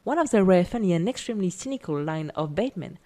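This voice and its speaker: A woman narrating a scripted video essay in an even, careful reading voice. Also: fairly low pitch, quick pace.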